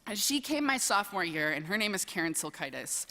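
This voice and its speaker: Bright, chatty young woman in a chapel. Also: mid-range voice, big pitch swings, brisk. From southern Wisconsin. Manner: chatty and playful, self-deprecating, many "um"s. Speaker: chapel speaker, speech coach. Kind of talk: humorous personal talk at a chapel service. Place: large chapel. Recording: long reverb in a large chapel.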